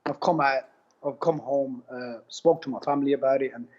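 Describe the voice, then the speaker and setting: A man giving a testimonial interview, telling his story in an animated, casual way full of slang and repetition. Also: medium pitch, a little fast. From United Kingdom. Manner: animated, repeats himself, slangy with "bro" and "man". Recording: dull lo-fi sound.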